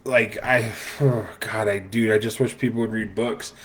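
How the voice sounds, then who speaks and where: A man's voice: lowish voice, fairly even intonation, normal speed, a bit bright. A man hosting a casual podcast, giving a sarcastic, opinionated monologue with lots of fillers and restarts. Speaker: podcast host. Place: live stream broadcast.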